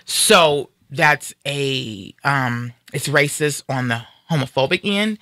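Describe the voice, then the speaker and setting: A woman's voice: rumbling low, slow, fairly bright tone, no room sound, studio quality. A woman hosting a talk radio show, delivering an angry, emphatic and defiant rant.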